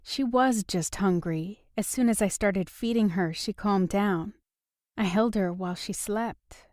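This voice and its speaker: A woman's voice: medium pitch, measured pace, darkish tone, no room sound, clean studio sound, lightly acted. A woman reading a prickly young woman. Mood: tender. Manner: sarcastic and defensive. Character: upset young woman, guarded and sharp-tongued. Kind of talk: audiobook dialogue reading.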